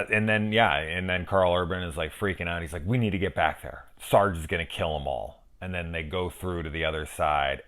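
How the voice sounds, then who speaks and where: A man's voice: low voice, fairly bright tone. A man in his forties talking casually and enthusiastically about a movie, rambling, restarting and swearing as he goes. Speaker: film reviewer. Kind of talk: casual review monologue.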